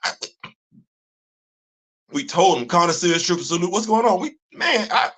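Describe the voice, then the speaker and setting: A high-voiced man hosts a casual livestream at a moderate pace, ranting in a lively way. Repetition, constant laughter, and thick slang run through his commentary.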